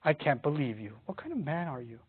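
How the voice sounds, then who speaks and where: A man's voice: sing-song, quick pace, husky. A man voicing a scheming woman who fakes being the victim and goads her husband. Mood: goading. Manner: shrill, indignant, goading. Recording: tinny phone-like sound.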